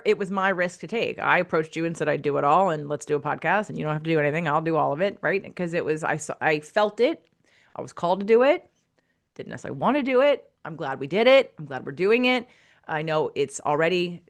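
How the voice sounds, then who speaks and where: A woman's voice: low-pitched, a bit bright. A woman co-hosting a podcast as a business coach, talking candidly and with animation, swearing freely. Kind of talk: casual podcast chat.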